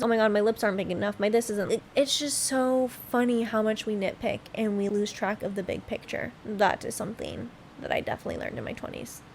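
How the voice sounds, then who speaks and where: A woman's voice: on the high side, a little hiss or hum. A woman in her late twenties hosting a solo podcast, reflecting candidly and emotionally, swearing often and close to tears at times. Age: late 20s. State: tearful at times. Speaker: podcast host.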